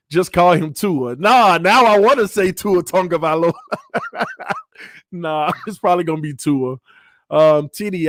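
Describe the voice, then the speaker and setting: A man hosts a casual live-stream, chatting back at viewer comments. His voice sits high and he laughs a lot, jokes freely, and trips over names. The sound is dry and close, with almost no room around it. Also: no echo. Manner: animated, laughing, joking, stumbling over names. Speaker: channel host.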